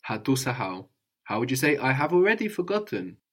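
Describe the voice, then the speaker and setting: Male tutor, calm and patient; drills the student with short prompts and tag questions. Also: mid-range voice, fairly quick. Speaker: language teacher. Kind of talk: one-on-one language lesson.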